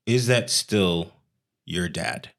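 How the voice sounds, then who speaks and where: A man co-hosting a podcast, talking in a slow, emphatic, laid-back way. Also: deep voice, a bit bright. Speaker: podcast co-host. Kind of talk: casual chat.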